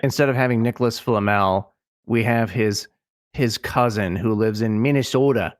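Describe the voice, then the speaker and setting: A man with a Midwestern accent hosting a casual podcast, recapping in a relaxed way with asides. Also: on the low side, moderate pace.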